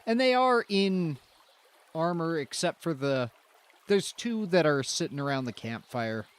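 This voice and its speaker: A man from Canada narrating a role-play stream as game master, laid-back and unhurried. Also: fairly high pitch, very animated, smooth.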